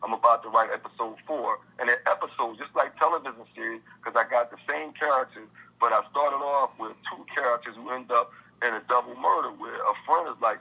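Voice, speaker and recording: A man's voice: mid-range voice, brisk, vocal fry, pushed and bright, husky, rough recording. A man, an author being interviewed, talking passionately in casual slang and acting out his characters. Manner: impassioned, acts out friends' dialogue in casual slang. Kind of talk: animated interview talk.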